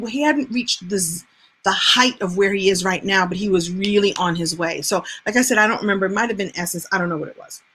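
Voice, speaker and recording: A woman host telling a personal story in a chatty, animated way. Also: medium pitch. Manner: animated, chatty, laughs as she tells. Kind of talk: casual storytelling monologue.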